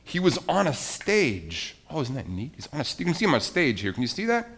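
A man's voice: mid-range voice, wildly swooping pitch, very fast, fairly bright tone. A man preaching as pastor in a children's sermon, coaxing the kids with questions and explanations.

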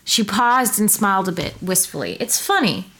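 A woman's voice: mid-range voice, animated, fairly bright tone, breathy edge. A woman reading a science-fiction story aloud with a friend, taking the wife's lines and breaking in with playful questions. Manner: playful, asks questions, reads her part slowly. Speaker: co-reader of a story. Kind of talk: casual reading aloud with banter.

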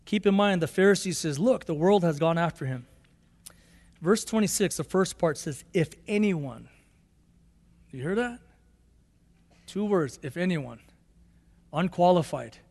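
High-pitched pastor guy preaching, punchy and repetitive, big reverby church sound. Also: moderate pace, long pauses. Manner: emphatic, repeats key phrases, rising to bursts of excitement. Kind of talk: sermon.

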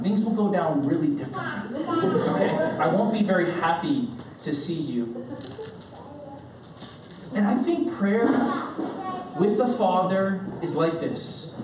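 Animated preacher man in a roomy hall. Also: high-pitched. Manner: animated storytelling, acting out his kids' shouts. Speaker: pastor. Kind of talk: sermon. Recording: roomy, distant, dull sound with faint room noise.

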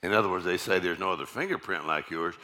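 A man with a deep voice preaching a sermon, repeating his key lines and calling out "amen" to the congregation. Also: fast, bright, forceful tone.

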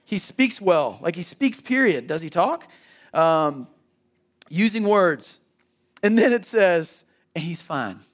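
A man's voice: high voice, lively intonation, slow pace. A man preaching a sermon in a church, conversational and emphatic, often restarting and repeating words. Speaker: pastor.

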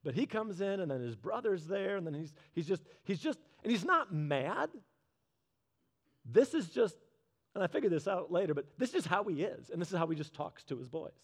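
Expressive and conversational, this man preaches by questioning his audience, then lowering and slowing his voice to land the main points.

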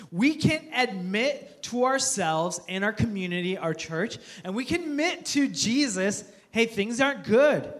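A male pastor delivering a sermon in an earnest, heartfelt way. He repeats key phrases and often stumbles into restarts. His voice sits noticeably high for a man. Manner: earnest, repetitive, stammering restarts.

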